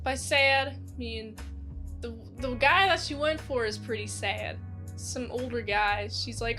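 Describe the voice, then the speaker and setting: A woman giving a casual spoken movie review, rambling with lots of fillers and acting out lively quotes. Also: sits high, takes it slowly, pauses often, faint music behind.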